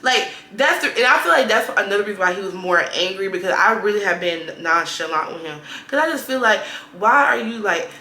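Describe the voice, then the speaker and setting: A young woman, telling a dating story in a casual, animated vlog style. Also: mid-range voice, a little fast, hardly any pauses. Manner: animated, laughing retelling with quoted dialogue. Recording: echoey room with faint noise.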